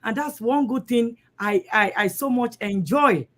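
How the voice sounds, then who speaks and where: A woman's voice: on the high side, a little slow, a bit bright. Heartfelt woman sharing a personal story. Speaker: guest speaker. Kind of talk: personal testimony.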